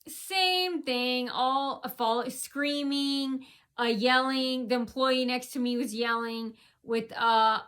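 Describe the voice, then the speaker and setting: A woman's voice: sits high, takes it slowly, fairly bright tone, smooth. A woman vlogger telling a personal story in an indignant, rambling rant, often repeating herself.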